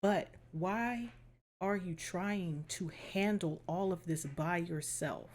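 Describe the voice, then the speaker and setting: A woman's voice: lowish voice, slow, slight background noise. A woman hosting a reaction video, talking casually and bluntly with lots of exasperation and swearing.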